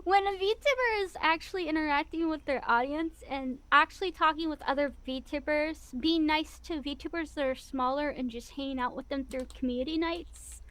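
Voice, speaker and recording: Chatty high-voiced woman with a Missouri accent. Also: moderate pace, few pauses, no echo. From US Midwest. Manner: chatty, rambling, animated. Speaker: guest VTuber. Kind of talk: casual interview chat.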